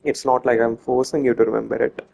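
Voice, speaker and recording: A man's voice: medium pitch, flat delivery, fast, vocal fry, a little mellow, dull audio, slight background noise. A man casually talking viewers through a video game as he plays, chatty and often correcting himself mid-sentence. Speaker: gameplay commentator. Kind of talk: casual let's-play commentary.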